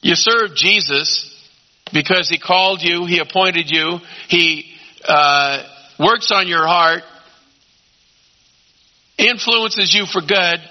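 A man preaching a sermon as pastor, emphatic, swinging between loud urging and quiet asides. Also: high-pitched, slow pace, pauses often. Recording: dull lo-fi sound.

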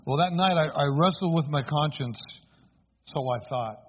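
Husky man giving a sermon testimony. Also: on the high side, normal speed. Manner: earnest storytelling with congregation call-outs. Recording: tinny phone-like sound.

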